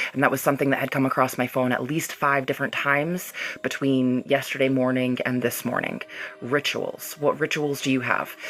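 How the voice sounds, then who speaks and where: A woman's voice: very deep voice, fairly bright tone. Chatty woman running an energy-healing livestream. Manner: chatty and loose, laughs often, talks straight to viewers. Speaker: reiki healer hosting a livestream. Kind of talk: live-streamed energy healing session, reading viewer comments.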